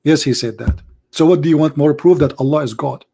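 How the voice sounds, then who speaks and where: A man with a hoarse voice who debates religion in a sarcastic, mocking way in an online commentary video. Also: fairly high pitch, brisk, dark tone.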